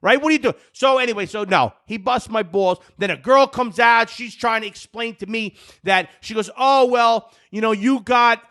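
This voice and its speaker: A man in his thirties from New Jersey, co-hosting a podcast and telling a story in casual chat, loud and animated with bursts of shouting. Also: high-pitched, moderate pace, few pauses. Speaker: podcast co-host.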